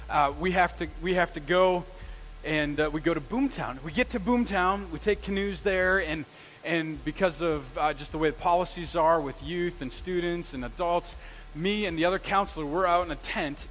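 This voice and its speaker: A middle-aged preacher, his voice sitting a little high for a man. He tells a story to his congregation, acting out the quoted lines and swinging between soft and loud. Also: a little hiss or hum, rough recording. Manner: animated, acts out quoted lines with big swings in loudness. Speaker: pastor. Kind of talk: sermon storytelling.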